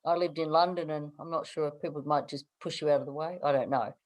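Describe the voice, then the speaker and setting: A woman's voice: low-pitched, fairly even intonation, quick pace, darkish tone, poor audio. A middle-aged Australian woman chatting as an interview guest, laughing often and restarting her sentences. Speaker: guest, newspaper editor. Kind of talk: casual interview chat.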